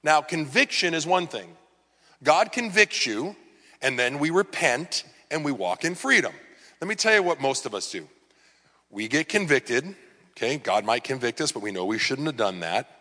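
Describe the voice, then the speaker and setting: A man's voice: medium pitch, big pitch swings, moderate pace, pushed and bright, big-room sound. A man preaching a sermon in a conversational, earnest way, often acting out the words of the people he talks about. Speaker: pastor.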